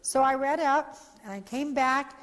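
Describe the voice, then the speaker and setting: Her voice high and her pace a little slow, a woman who founded an organization and trains parents speaks with heart and animation, acting out quotes from her story. The talk echoes around a hall.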